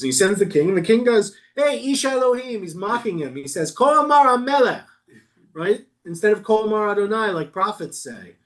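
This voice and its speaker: Casting: male rabbi, slightly high voice, loose and jokey while teaching scripture. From New York. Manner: playful, quick asides, reads verses then riffs. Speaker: rabbi teaching a Bible study. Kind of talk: casual text study, reading aloud and joking.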